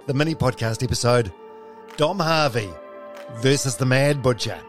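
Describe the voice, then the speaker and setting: A man's voice: mid-range voice, soft background music. A man hosting a podcast in a chatty, jokey way. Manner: chatty, jokey, quick to laugh. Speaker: podcast host.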